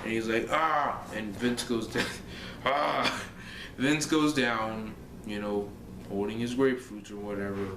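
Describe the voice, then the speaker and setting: At a measured pace and with fairly even intonation, a low-voiced young man meanders through a fantasy-booking story in a casual vlog, full of fillers and restarts. The recording has background noise and an echoey room.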